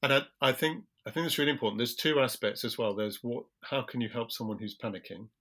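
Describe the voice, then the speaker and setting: A British man, a general practitioner, explaining things in a calm, measured way during an interview and slowing his speech on purpose. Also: medium pitch. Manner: calm, measured, slows deliberately for emphasis.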